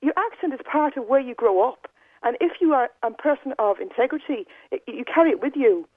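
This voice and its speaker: A woman argues her point on a radio call-in at a rapid pace, stammering and pressing on over the others. She comes through a narrow, tinny phone line with a dry, close sound. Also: high voice, animated, no room sound. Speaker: caller. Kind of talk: heated radio phone-in argument.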